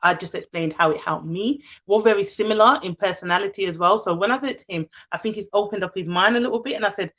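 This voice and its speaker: Bright-voiced woman chatting live. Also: medium pitch, fast talker, hardly any pauses, lo-fi sound. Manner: candid, heartfelt, reads out comments. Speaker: livestream host. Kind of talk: casual live chat to viewers.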